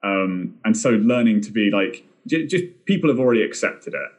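A young man talks in a relaxed, meandering way. He often restarts his sentences and laughs at himself, and his voice sits a little on the low side. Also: normal speed. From Britain. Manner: rambling, self-deprecating, many fillers and restarts. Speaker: film director and podcast guest. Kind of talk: casual podcast chat.

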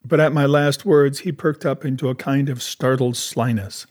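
This is first-person audiobook narration of a classic adventure novel, read by a man with a medium-pitched voice in an even, measured manner.

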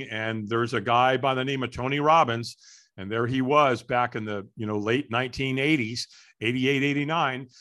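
A middle-aged man telling a story as an interview guest, lively and acting out the voices of people in it. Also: medium pitch. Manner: animated, acts out voices in his story. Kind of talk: storytelling in conversation.

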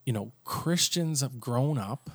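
A man's voice: mid-range voice, animated, a little slow, husky, no echo. A man co-hosting a casual faith podcast, thinking aloud with frequent restarts and asides. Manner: conversational, thinks aloud with restarts and "you know". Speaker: podcast co-host.

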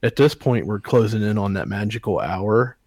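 Podcast co-host, male, lowish voice, dry close sound, swears freely while recounting a story. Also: moderate pace, darkish tone, no room sound. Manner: profane, heated retelling. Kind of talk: casual storytelling chat.

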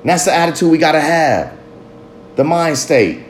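A man's voice: a little high, lively intonation, moderate pace, a little hiss or hum. A father talking in a candid, confessional monologue, blunt and heavy with profanity. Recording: roomy echo.

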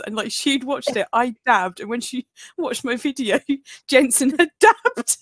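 A woman's voice: high voice, expressive, a little slow, no room sound. Female co-host, bubbly chatty storyteller, dry close mic. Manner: bubbly, laughing, sweary storyteller. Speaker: podcast co-host. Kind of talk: casual chat.

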